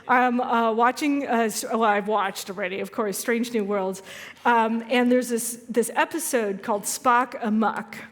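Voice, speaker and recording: A fairly high-voiced woman minister speaks to her congregation in a loose, storytelling way, poking fun at herself as she goes. Her voice rings out with a long reverb from a large hall. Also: steady tone, unhurried. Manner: chatty, storytelling, self-deprecating humor. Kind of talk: conversational sermon. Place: church sanctuary.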